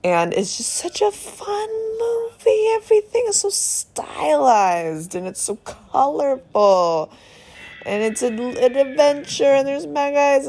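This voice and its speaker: Excited swearing woman ranting into phone. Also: high voice. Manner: excited, rambling, swears a lot, laughs often. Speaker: film reviewer. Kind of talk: casual voice memo rant. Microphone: phone voice memo.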